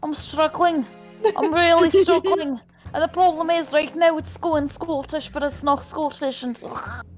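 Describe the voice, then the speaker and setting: A woman's voice: high voice, fairly even intonation, measured pace, soft background music. A woman chatting casually and mocking her own accent attempts while voicing a game. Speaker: player voicing a visual novel game. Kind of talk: casual chat while reading game lines.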